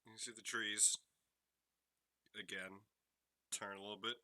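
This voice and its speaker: A man narrating a tabletop role-playing game as game master, setting scenes in a slow, measured way. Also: on the low side, level tone, sharp tone.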